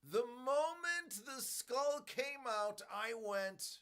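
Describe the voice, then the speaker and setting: A man in his forties, a stream host, ranting in a rambling, animated way about a movie in casual chat. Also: very high-pitched, very slow, hardly any pauses, smooth.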